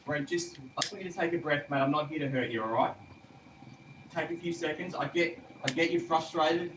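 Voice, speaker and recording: An Australian man, a police officer, talking calmly and patiently to a distressed man. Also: fairly high pitch, brisk, roomy sound. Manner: calm, patient, placating. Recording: distant voice with crowd noise behind.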